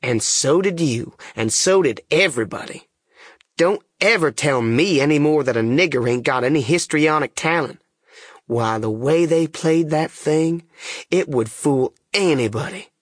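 A man voicing a sly male swindler called the duke, speaking in a slow, wry drawl in an audiobook reading. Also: on the high side, expressive, husky, dry recording, clean studio sound, voice pushed up. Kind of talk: audiobook character voice.

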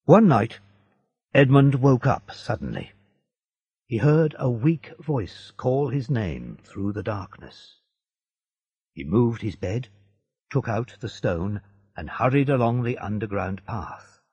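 Slow gravelly man reading a story. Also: medium pitch, sing-song, a little mellow. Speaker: audiobook narrator. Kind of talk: scripted narration of a graded reader. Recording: dull lo-fi dry recording.

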